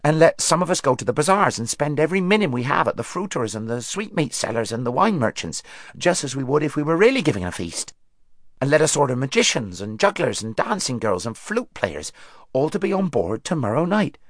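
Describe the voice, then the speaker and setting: A man voicing an excitable male fawn who talks eagerly and impatiently in a storybook reading. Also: medium pitch, fairly quick, dry recording, clean studio sound, voice pushed up.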